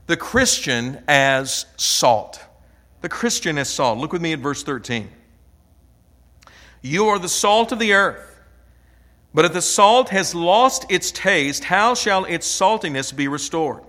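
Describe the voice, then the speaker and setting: A man preaching a sermon, pressing hard on single words with a measured, deliberate delivery. His voice sits a little high for a man. The sound carries the long reverb of a large hall. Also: fairly bright tone. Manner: measured preaching with emphatic stresses. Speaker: pastor.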